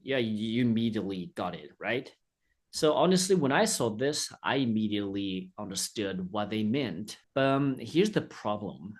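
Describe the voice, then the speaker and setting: A man from China teaching a casual online Chinese lesson in a chatty, friendly way, slowing down to say the Chinese words. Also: on the low side, lively intonation.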